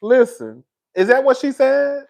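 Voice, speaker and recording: Gossipy man, animated commentary. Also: very high voice, unhurried, creaky. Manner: animated and gossipy, laughing between lines, calls his viewers "girl". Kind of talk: reaction commentary.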